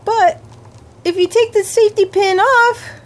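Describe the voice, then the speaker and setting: A woman voicing Elmo, a cheerful little furry monster, squeaky and giggly, wailing dramatically during a playful home puppet game. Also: steady tone, unhurried. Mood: silly distress.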